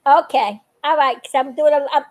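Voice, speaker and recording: A woman's voice: high voice, normal speed, darkish tone, poor audio. An older woman chatting on a live video, talkative and earnest, laughing often as she gives warnings. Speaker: vlogger. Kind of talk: casual live video chat.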